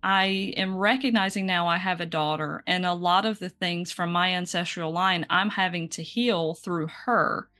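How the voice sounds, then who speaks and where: A woman's voice: on the low side, fairly even intonation, normal speed, few pauses, sharp tone. A woman hosting a podcast, talking earnestly and openly about her own experiences and asking her guest questions. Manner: earnest, open and personal. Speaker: podcast host. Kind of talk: casual podcast conversation.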